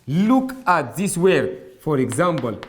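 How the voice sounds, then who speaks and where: Male English teacher, Arabic native speaker, slightly high voice, slow patient delivery to a class. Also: sing-song. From Sudan. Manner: slow, repetitive explaining, addresses students directly. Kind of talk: classroom grammar lesson.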